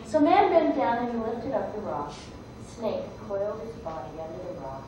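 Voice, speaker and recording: A woman storyteller narrating a folktale in an expressive way, with dramatic pauses. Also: mid-range voice, slight background noise. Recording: echoey room from far off.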